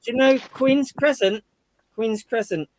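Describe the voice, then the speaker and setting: A man's voice: extremely high pitch, unhurried, darkish tone, no room sound, low-quality recording. A man arguing on a live stream, smug and defensive, talking over others. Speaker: guest. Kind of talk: heated argument on a live stream.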